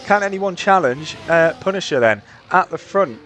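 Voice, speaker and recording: A man's voice: sits high, animated, normal speed, fairly bright tone, slight background noise. A man doing upbeat play-by-play commentary for a live sim racing session, with frequent filler uhs.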